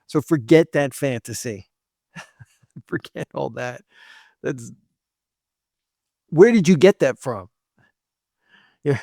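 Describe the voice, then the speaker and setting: A man with a fairly high voice hosts a dating advice talk, lecturing bluntly straight at the listener. He drops short laughs between points and slips into quoted voices of women. The sound is dry and close, with no room around it. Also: a little mellow, no echo. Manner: blunt, lectures directly, acts out women's lines. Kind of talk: opinionated monologue to camera.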